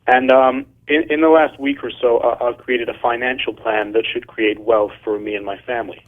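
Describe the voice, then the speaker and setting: A man's voice: medium pitch, fairly even intonation, normal speed. A teenage boy calling in, speaking earnestly and politely, a little rehearsed and hesitant. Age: teens. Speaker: caller. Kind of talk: polite phone call. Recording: tinny phone line.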